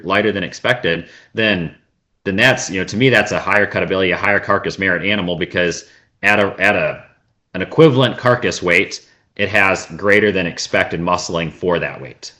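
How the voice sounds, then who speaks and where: A man's voice: low-pitched, pushed and bright. A man, a meat science expert, explaining on a video call, thinking aloud with many fillers and restarts. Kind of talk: explanatory conversation.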